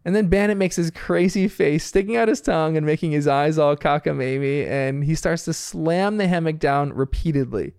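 A man's voice: on the high side, moderate pace, vocal fry, hardly any pauses, darkish tone, smooth, no echo, clean studio sound. A man casually recapping a cartoon episode in an amused, chatty way. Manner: amused, chatty, laughing often.

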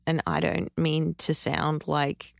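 A woman's voice: low-pitched, steady tone, takes it slowly, vocal fry, no room sound, studio quality. An Australian woman, a songwriter guest on a podcast, answering thoughtfully and modestly and laughing easily. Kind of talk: casual podcast interview.

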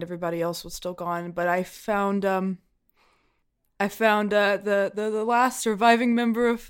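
Woman player in a tabletop game, earnest, halting, kinda quiet and sincere. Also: medium pitch, smooth. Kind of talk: in-character tabletop role-play.

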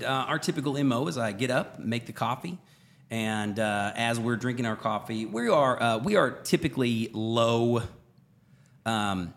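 A middle-aged man co-hosting a podcast, casually telling a story in an animated way, laughing and acting out quoted lines. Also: mid-range voice. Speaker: podcast co-host.

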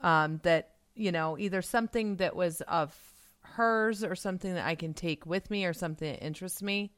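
A woman's voice: on the low side, moderate pace, fairly bright tone. A woman playing a tabletop game, speaking casually and hesitantly with ums. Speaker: player. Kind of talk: casual play.

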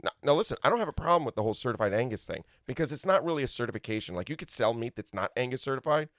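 A male podcast co-host argues his case in casual chat, his pitch rising and dropping in lively swings. The sound is dry and close, with no room around it. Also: rapid-fire, no room sound. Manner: argumentative, playing devil's advocate.

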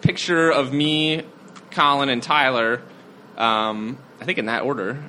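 A man's voice: medium pitch, fairly even intonation, measured pace, pushed and bright, slight background noise, poor audio. A young man in a casual podcast chat, prompting friends and steering the stories. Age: young adult.

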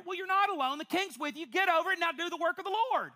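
High, bright, animated woman preaching. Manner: animated, playful preaching with quick asides and laughter. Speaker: pastor. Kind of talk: sermon. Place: church before a congregation.

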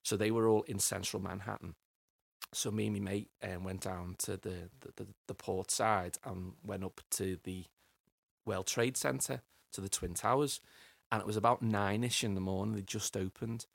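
A man's voice: fairly low pitch, fairly even intonation, moderate pace, vocal fry, dry recording. A middle-aged man, telling his life story as a podcast guest in a rambling way, often repeating words as he finds them. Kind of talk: personal storytelling interview.

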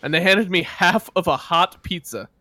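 A man's voice: high voice, normal speed, bright, forceful tone, dry recording, clean studio sound. A young man co-hosting a podcast, trading teasing comebacks and telling a story in casual chat. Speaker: podcast co-host.

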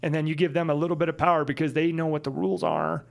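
A man co-hosting a casual chat, talking in an animated way and repeating phrases for emphasis. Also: on the high side, racing, vocal fry.

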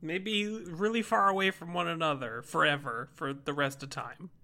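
A co-host chiming in with wry quips during a comic story. The voice is bright and sharp-edged, with a mid-range pitch. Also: fairly even intonation, gravelly. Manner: wry, quick interjections. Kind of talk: casual chat.

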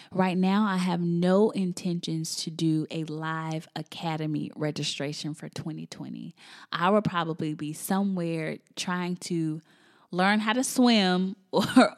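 Woman in her thirties hosting her own show, a little low-pitched, talking straight to listeners like friends. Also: a little mellow. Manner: chatty, emotional, addresses listeners as y'all. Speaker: podcast host and business coach. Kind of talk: personal storytelling monologue.

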